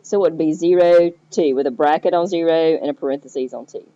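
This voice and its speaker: A woman's voice: sits low, quick pace, warm tone, slight background noise. A woman teacher explaining math step by step, checking in with the listener as she goes. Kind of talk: recorded math lesson. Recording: dull lo-fi recording.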